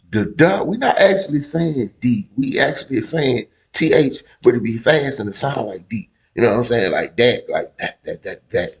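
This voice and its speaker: A man reacting to a video in loose, slangy casual talk, stopping it to explain his point emphatically. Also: fairly low pitch. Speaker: reaction streamer.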